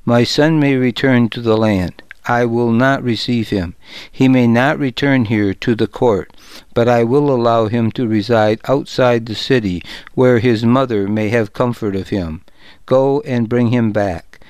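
Man narrating an aging king, commanding but tender, slow and smooth, storybook reading. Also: medium pitch, darkish tone, dry recording, lightly acted. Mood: solemn. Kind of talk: audiobook narration.

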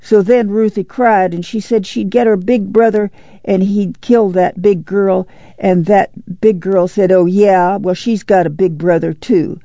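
Male reader voicing a young country boy, higher and hurried, dry lo-fi audiobook. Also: vocal fry, dark tone, no room sound. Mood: breathless. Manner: rushed, tumbling storytelling.

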